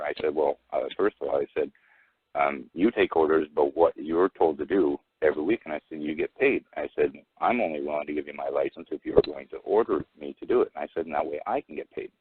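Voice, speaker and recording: A man telling a rambling personal story over the phone, halting with many restarts and fillers. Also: a bass voice, husky, no echo. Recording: tinny phone line, dry.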